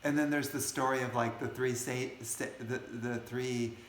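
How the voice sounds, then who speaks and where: A man's voice: medium pitch, steady tone, normal speed, reverberant, a little hiss or hum. A man hosting, telling a story in a casual, rambling way with many restarts. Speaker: host.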